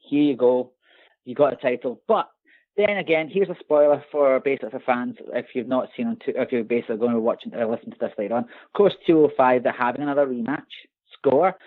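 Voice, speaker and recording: Scottish male co-host, animated and sarcastic, tinny call audio. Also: medium pitch. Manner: animated, ranting, sarcastic asides. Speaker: podcast co-host. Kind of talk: casual podcast chat. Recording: tinny phone-like call line.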